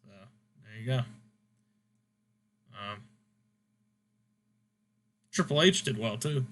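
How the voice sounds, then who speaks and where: Bright-voiced man recapping a game. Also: mid-range voice, expressive, takes it slowly. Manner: casual, rambling with fillers. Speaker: host. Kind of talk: casual game commentary.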